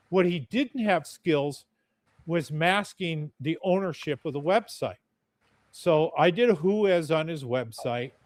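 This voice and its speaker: A man's voice: fairly high pitch, dry recording. A man telling a story as a podcast guest in a blunt, chatty, profane way. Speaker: podcast guest, UFO videographer. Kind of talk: casual storytelling.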